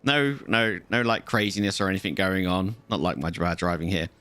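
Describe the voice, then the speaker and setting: A man's voice: deep voice, steady tone, fairly quick, sharp tone, no room sound. A man, chatting casually to viewers on a live game stream and rambling through a story. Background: faint music.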